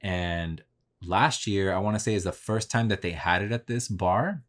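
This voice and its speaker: A man's voice: deep voice, normal speed. A man hosting a podcast, telling a story in a casual, slangy, profane way and replaying his own conversations. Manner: laid-back, slangy and profane, retelling conversations. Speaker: podcast host.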